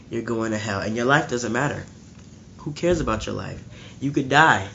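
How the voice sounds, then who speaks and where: A man's voice: mid-range voice, moderate pace, vocal fry, a bit bright, slight background noise. A man delivering a blunt, fervent preaching monologue, repeating and restarting phrases as he builds his point. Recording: slightly muffled lo-fi recording.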